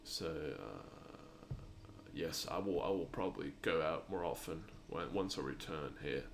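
A man's voice: very deep voice, expressive, measured pace, gravelly, a little hiss or hum. A young man with a British-leaning accent, hosting a solo podcast and rambling with many restarts and fillers. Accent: British-leaning English, non-native. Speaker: podcast host.

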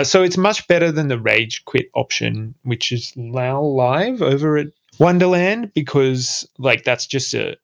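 A man's voice: mid-range voice, creaky, fairly bright tone. A man with an Australian accent hosting a casual podcast, explaining crypto news in a laid-back, rambling way with lots of fillers. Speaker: podcast host.

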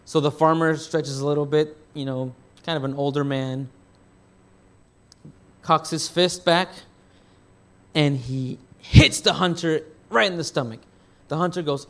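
A male pastor preaching a sermon, telling stories with big swings between loud and hushed, often repeating words as he restarts. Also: a little high, measured pace. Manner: animated storytelling with big swings in loudness.

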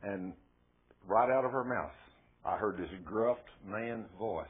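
A man preaching a sermon as a story, folksy and emphatic with sudden loud bursts. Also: mid-range voice, lively intonation, measured pace, husky. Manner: folksy and emphatic, often rising to loud exclamations. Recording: tinny phone-like sound.

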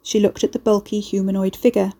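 A woman reading a story aloud as audiobook narrator, in measured storytelling. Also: medium pitch, level tone, dark tone. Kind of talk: scripted narration.

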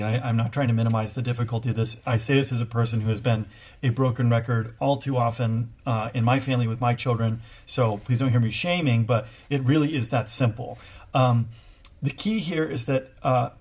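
Co-host, man, thirties, earnest and reflective, halting restarts, casual advice talk. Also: medium pitch, darkish tone, slightly rough. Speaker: co-host, parent.

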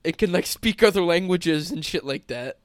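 A man's voice: high voice, lively intonation, normal speed, smooth, dry recording, clean studio sound. A young man co-hosting a podcast, chatting casually with lots of swearing, restarts and joking. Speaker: podcast co-host. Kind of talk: casual chat.

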